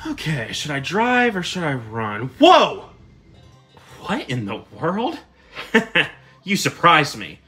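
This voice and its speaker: A young hedgehog hero, played by a man with a lively, bouncing voice and an unhurried way of talking. He mutters nervously to himself as things grow strange in a fan plush cartoon. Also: a little high, faint music behind, full character voice. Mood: annoyed, then uneasy. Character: cocky young hedgehog hero, hungry and jumpy. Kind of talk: fan plush video voice acting.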